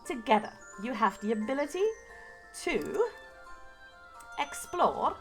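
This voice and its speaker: A woman voicing a regal queen from a game who rolls her R's and reads a royal letter slowly. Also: on the high side, expressive, a bit bright, faint music behind, full character voice. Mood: stately. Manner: slow, stately reading of a royal letter. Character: regal imperial queen with rolling R.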